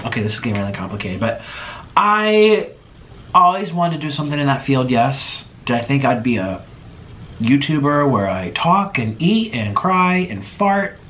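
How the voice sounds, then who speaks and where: A man in his twenties hosting a mukbang vlog at home, answering viewer questions in an expressive, theatrical way. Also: a little hiss or hum. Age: 20s. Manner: expressive, theatrical swings in pitch and loudness. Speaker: mukbang host.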